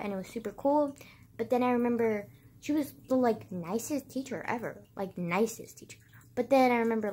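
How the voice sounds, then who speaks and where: A woman's voice: medium pitch, a little hiss or hum. A young woman telling childhood stories to her viewers in a rambling, casual way, full of "like" and swearing. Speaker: vlogger. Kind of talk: casual storytelling to camera.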